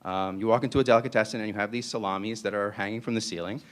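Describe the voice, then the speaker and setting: A man with a New York accent gives a public lecture in a somewhat low voice. He is playful and digressive and keeps tossing rhetorical "right?"s at the audience. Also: fairly even intonation, racing.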